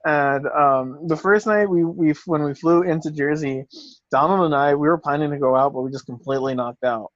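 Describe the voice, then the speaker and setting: A man co-hosting a podcast, telling a story in a relaxed, laughing way and swearing freely. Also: on the high side, moderate pace, no room sound, dull audio. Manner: laid-back, swears freely, laughs often. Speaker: podcast co-host. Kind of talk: casual storytelling chat.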